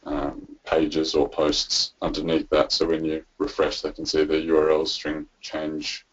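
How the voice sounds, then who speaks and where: Deep, husky man chiming in with tips, muffled call audio. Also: completely flat delivery, measured pace. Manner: interjects with practical tips. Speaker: webinar co-presenter. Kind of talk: web call chat.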